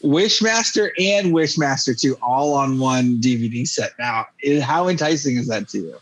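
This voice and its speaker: Husky-voiced man hosting a podcast. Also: mid-range voice, lively intonation, normal speed, low-quality recording. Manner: rambling, filler-heavy, jokey. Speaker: podcast host. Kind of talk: casual movie-review chat.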